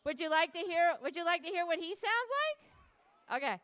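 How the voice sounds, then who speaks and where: A woman's voice: very high-pitched, expressive, fairly quick, a bit bright. A woman animal educator leading a playful live show for children, asking the kids lots of questions as she presents animals in a public hall.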